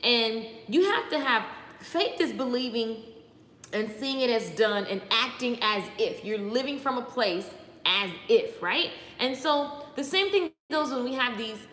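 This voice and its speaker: Bright-voiced woman giving a chatty pep talk. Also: on the high side, animated, unhurried. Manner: chatty, greets viewers by name, rambling asides. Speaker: motivational speaker. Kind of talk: casual live-stream pep talk. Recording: echoey room with long reverb, faint background noise.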